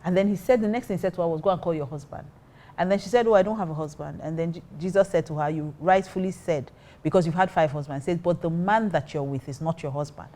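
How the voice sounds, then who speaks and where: Woman, low-pitched, animated storytelling, acts out her side of conversations. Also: fast. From Nigeria. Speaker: pastor and co-host. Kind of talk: casual storytelling.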